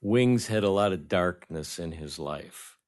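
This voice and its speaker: Deep-voiced man telling a story. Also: a little slow. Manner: animated storyteller, acts out dialogue. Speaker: guest film director. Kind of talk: anecdotal storytelling.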